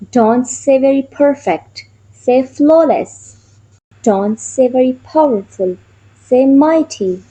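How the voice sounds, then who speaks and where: A woman as an English teacher giving a scripted vocabulary lesson in a measured, even, word-by-word delivery. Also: high voice, slightly rough, rough recording.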